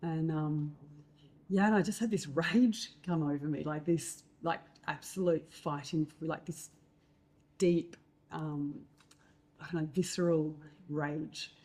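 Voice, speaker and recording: A woman telling stories in a casual chat, lively and acting out other people's lines. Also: slow pace. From Australia. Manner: animated storyteller, acts out quotes in a higher voice. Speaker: host.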